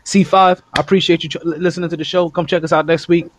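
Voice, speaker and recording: High-voiced laughing podcast host, man. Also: quick pace. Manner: laughing, rambling, animated. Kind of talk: casual sports podcast chat. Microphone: phone.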